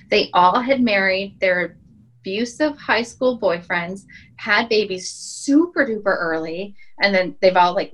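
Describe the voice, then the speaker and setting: This mid-range, slightly bright voice belongs to a Wyoming woman in her thirties appearing as a podcast guest, captured on a low-quality recording. She spins stories in a relaxed chat, with frequent "like" and "um" fillers.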